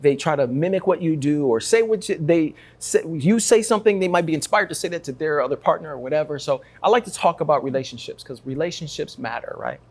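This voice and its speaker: A man from Africa hosting a talk show, energetic and joking as he teases his guests. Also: a little high, fast talker, few pauses. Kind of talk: lively talk show interview.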